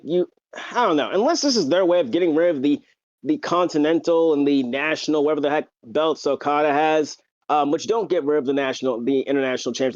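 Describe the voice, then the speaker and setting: A man talks in a loose, rambling podcast chat, full of ums and restarts. His voice sits a bit high, and the recording is dull and lo-fi. The sound is dry, with no room around it. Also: no room sound. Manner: rambling, filler-heavy, excitable. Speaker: podcast co-host. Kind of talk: casual wrestling chat.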